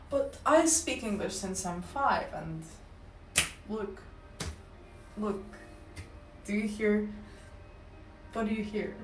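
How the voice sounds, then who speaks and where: A young woman with a Slavic accent livestreams and playfully chats with her viewers' live chat in a medium-pitched voice. The sound is roomy from a distant mic, with slight background noise.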